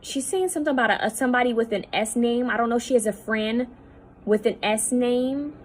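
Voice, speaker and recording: Hushed, halting woman psychic medium. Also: on the high side, slight background noise, low-quality recording. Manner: halting, repetitive, often dropping to a hushed voice. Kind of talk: spirit-channeling video monologue. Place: at home.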